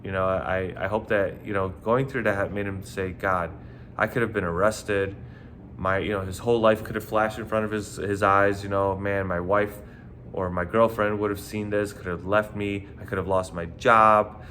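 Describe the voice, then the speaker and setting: A man who used to be a nightclub bouncer tells stories casually, with punchy, animated delivery, lots of "you know" and free swearing. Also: on the low side, moderate pace, a little hiss or hum. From New York. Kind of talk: casual storytelling monologue.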